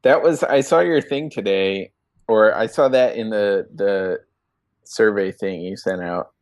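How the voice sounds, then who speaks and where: A man co-hosting a casual tech podcast, speaking in a laid-back, halting way. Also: lowish voice, no room sound. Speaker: podcast co-host.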